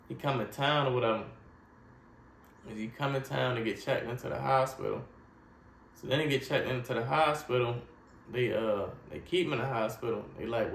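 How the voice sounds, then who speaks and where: A man of middle pitch tells his life story in an earnest, heartfelt way, speaking in short broken phrases. His voice rings in a roomy, echoey space, with a faint hum of ambient noise behind him. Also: gravelly, a bit bright. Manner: earnest, repeats "you know what I mean". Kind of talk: personal testimony, casual storytelling.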